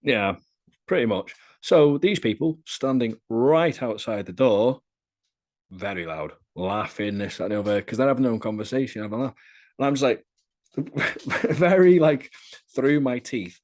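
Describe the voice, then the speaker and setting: With an animated, mid-range voice, a darkish tone and a moderate pace, this young British man tells crude anecdotes as the interviewee on a relaxed podcast. An adult content creator, he's candid and chatty, with crude humour throughout.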